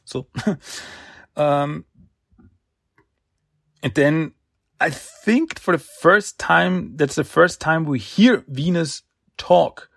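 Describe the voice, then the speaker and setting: A man casually retelling a comic issue, halting with fillers and restarts and chuckling often. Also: medium pitch, husky, no echo, studio quality. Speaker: comic recap reviewer.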